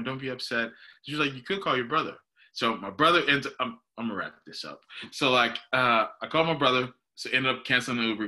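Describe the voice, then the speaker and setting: A man's voice: mid-range voice, sharp tone. A young man, animatedly telling a story on a casual podcast, laughing and calling his listener "dude.". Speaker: podcast co-host.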